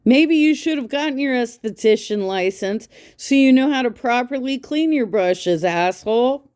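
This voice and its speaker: A woman's voice: fairly high pitch, expressive, normal speed, a little mellow. A woman giving profane, mocking commentary, sarcastic and scornful, swearing constantly. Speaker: reaction commentator.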